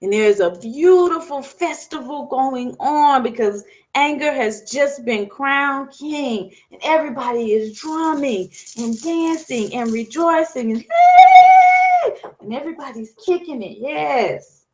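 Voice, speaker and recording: A woman storyteller with a fairly high voice tells a folktale as a lesson. She is lively and keeps asking her listeners questions. Her telling rises into bright bursts at festive moments. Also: a little slow, hardly any pauses, poor audio. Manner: lively, asks the audience questions. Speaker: storyteller, teacher.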